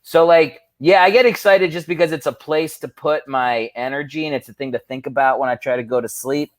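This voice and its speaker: Male comedian guest, mid pitch, wry rambler, dry close sound. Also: steady tone, a little fast, no room sound. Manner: wry, rambling and self-mocking. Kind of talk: casual podcast banter.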